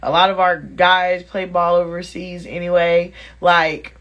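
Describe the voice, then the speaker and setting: A woman vlogger telling her viewers a dating story in a casual, animated, sassy and blunt way. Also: fairly low pitch, a little slow, lo-fi sound.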